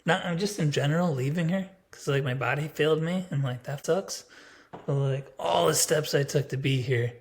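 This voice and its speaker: A man's voice: on the high side, moderate pace, a little hiss or hum. A man in his thirties talking straight to the camera in a casual personal vlog, rambling and blunt, with lots of filler words. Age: 30s. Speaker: vlogger.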